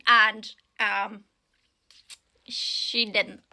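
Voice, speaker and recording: A woman's voice: on the high side, steady tone, slow pace, pauses often, sharp tone. A woman from Northern Ireland with a Northern Irish accent, giving casual commentary as she tells a story, chatty with frequent tag questions. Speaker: online commentator.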